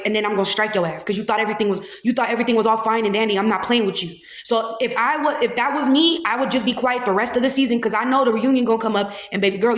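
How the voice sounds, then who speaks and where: A woman's voice: fairly high pitch, fairly bright tone. A woman host, giving blunt, profane, heated reaction commentary in a casual podcast. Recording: echoey room.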